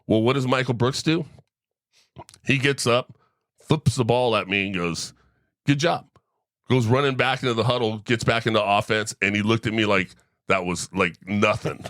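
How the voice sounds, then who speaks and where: A man's voice: fairly low pitch, moderate pace, no echo, studio quality. A middle-aged man hosting a sports podcast, telling a story in casual chat and tagging his lines with "right?". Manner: animated storyteller, tag questions like right?. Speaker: podcast host.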